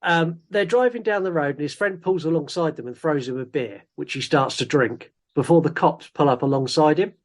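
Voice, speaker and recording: Male co-host, bit higher voice, relaxed joking plot recap. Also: brisk, hardly any pauses. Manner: chatty, laughs often, recaps the plot with dry jokes. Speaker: podcast co-host. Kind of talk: casual film review chat.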